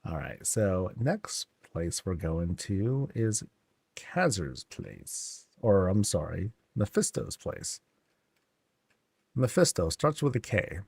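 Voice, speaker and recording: A man's voice: low-pitched, very animated, takes it slowly, gravelly, a little mellow, slightly rough, no room sound. A man streaming a game, chatting casually and rambling with many fillers as he tours homes.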